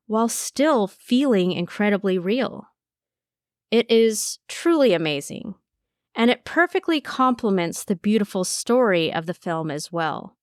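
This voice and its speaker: A woman's voice: medium pitch, dry recording, studio quality. A woman hosting a podcast, reading a script in an earnest, enthusiastic way. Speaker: podcast host.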